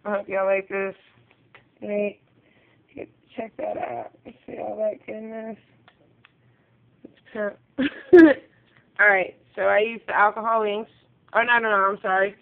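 A woman casually showing off her handmade crafts on a home video, chatty and rambling, with quick apologetic asides. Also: mid-range voice, flat delivery, creaky. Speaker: craft vlogger. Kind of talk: casual craft show-and-tell. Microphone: phone camera. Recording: tinny phone-quality recording.

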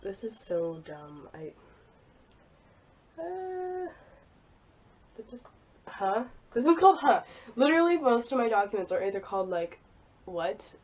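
Going through her old files, this young woman rambles in a casual vlog and keeps laughing at her own expense, giggly and self-deprecating throughout. She's a YouTuber whose mid-range, darkish voice is very animated at a normal speed.

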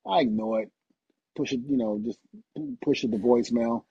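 Husky man telling wrestling road stories. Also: medium pitch, moderate pace, dark tone, no room sound, dull audio. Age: middle-aged. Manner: laughs through stories. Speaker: guest, retired pro wrestler. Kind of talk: casual anecdote telling.

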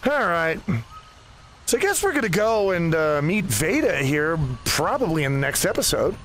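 A man's voice: fairly high pitch, big pitch swings, moderate pace, fairly bright tone, a little hiss or hum. A man playing a VR game, chatting animatedly, swearing and talking to the characters. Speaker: gaming host. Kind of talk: VR game let's play commentary. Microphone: VR headset.

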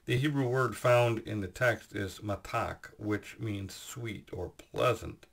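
Low-ish guy doing a bible lesson, slow and explaining, lots of uh's. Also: creaky, slightly rough. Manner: measured, explanatory, with fillers. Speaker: teacher. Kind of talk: Bible teaching.

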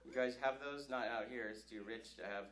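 A man's voice: mid-range voice, a little fast, a bit bright. A man from Northern California doing a rambling, self-deprecating stand-up set on a comedy club stage. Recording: live club recording, roomy with crowd.

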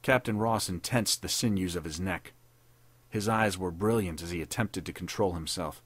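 A man narrating a 1930s pulp war story in a measured, dramatic reading. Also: sits low, fairly bright tone, breathy edge, dry recording. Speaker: podcast narrator.

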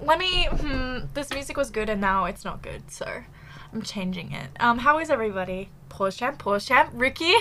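Giggly streamer girl chatting away, kinda high bright voice, bit breathless, lots of ums. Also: slight background noise. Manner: bubbly, giggly, chatty with many fillers. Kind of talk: casual live-stream chat.

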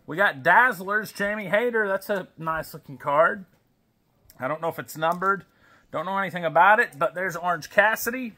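A man's voice: high voice, moderate pace, pushed and bright. A man casually opening wrestling card packs at home, reading names aloud and chatting to his baby as he goes. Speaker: wrestling card collector vlogger. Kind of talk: casual pack-opening chat.

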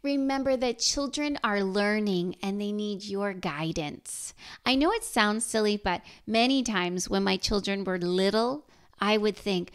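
A middle-aged woman hosting a parenting podcast, speaking in a gentle, encouraging manner. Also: mid-range voice, a little slow, smooth. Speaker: podcast host. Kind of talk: scripted podcast talk to mothers.

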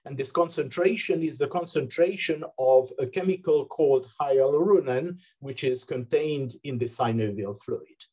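A man's voice: mid-range voice, moderate pace, few pauses, mellow, breathy edge, lo-fi sound. A man giving an academic seminar lecture over a webinar, explaining step by step with frequent hesitations. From United Kingdom. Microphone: webinar computer mic.

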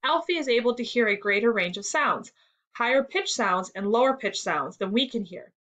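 A woman reading the lines of a patient adult male musician who explains clearly. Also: a little high, animated, moderate pace, fairly bright tone, muffled recording. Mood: explaining.

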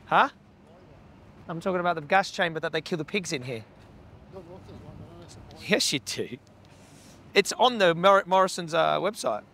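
A man's voice: high-pitched, fairly bright tone. Man, blunt, swearing, confrontational activist, outdoors, handheld camera. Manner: blunt, heckling, swears a lot. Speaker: animal rights activist. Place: outdoors by a slaughterhouse.

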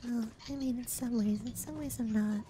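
A man's voice: extremely high pitch, normal speed, pitched above the performer's own voice. A man using a voice changer to play a mild, innocent-sounding young woman in game chat. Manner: calm, mild, unbothered. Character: soft-spoken innocent young woman gamer. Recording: loud noisy game chat.

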